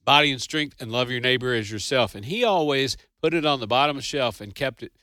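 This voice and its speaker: A man's voice: medium pitch, lively intonation, brisk, bright, forceful tone, no echo, clean studio sound. A man co-hosting a radio show, giving jokey, preachy Bible commentary. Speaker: radio co-host. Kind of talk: casual commentary.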